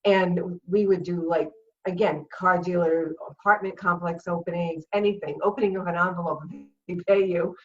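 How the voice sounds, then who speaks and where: A woman's voice: on the low side, moderate pace, distant mic, dull audio. A middle-aged woman with a Rhode Island accent, a guest on a video chat show, telling a story with lots of laughs and acted-out quotes. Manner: animated storyteller, laughs often, acts out quotes. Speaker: guest, comedian and former cheerleader.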